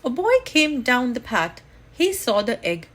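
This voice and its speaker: A woman reading a children's picture book aloud at storytime, in a slow and expressive way. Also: fairly high pitch. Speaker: storytime reader.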